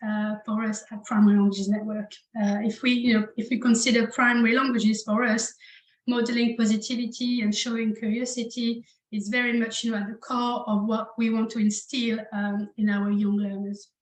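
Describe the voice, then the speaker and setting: A woman presenting an online training session for language teachers. She speaks encouragingly, often checks in with "okay?" and "you know", and slowly demonstrates sounds for her listeners to repeat. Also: a little high, little pitch movement, echoey room, poor audio.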